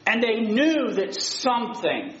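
High-voiced pastor in a roomy church. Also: male voice, big pitch swings, slow, fairly bright tone, slight background noise. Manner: retells the story in a plain, conversational way. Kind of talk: sermon. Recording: roomy, muffled church recording.

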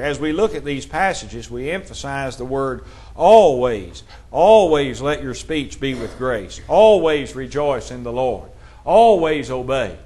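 Man preaching a measured sermon. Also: medium pitch. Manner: measured preaching, reading scripture aloud in King James wording.

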